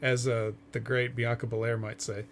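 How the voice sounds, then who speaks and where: A man's voice: mid-range voice, level tone, moderate pace, a little hiss or hum. A man co-hosting a casual podcast, recapping events in a hesitant way full of ums and uhs. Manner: hesitant, filler-heavy recapping. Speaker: co-host.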